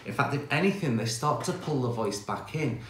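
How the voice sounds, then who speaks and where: A man teaching singing, explaining exercises in a relaxed, chatty way full of fillers, speaking into a microphone in front of him. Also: medium pitch, fairly quick. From England. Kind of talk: online singing lesson. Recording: echoey room with faint piano.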